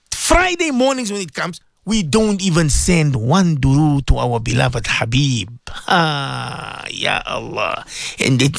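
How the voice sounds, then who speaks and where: Male radio preacher, high and animated, dry close studio sound, pleading and insistent. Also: gravelly, no room sound. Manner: impassioned, pleading, repetitive. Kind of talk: radio sermon.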